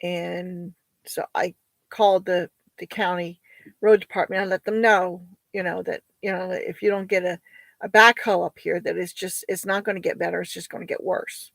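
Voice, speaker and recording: Tired woman with a gravelly voice. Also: lowish voice, steady tone, moderate pace, no echo, low-quality recording. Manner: rambling and hesitant, full of fillers and restarts. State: tired, sighing. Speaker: homesteader raising goats. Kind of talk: casual vlog chat.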